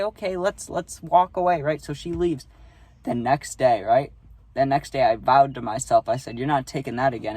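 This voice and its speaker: A man's voice: a little high, darkish tone, no echo. Profane young man rambling a storytime. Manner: profane, rambling, keeps asking "right?". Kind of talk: casual storytime.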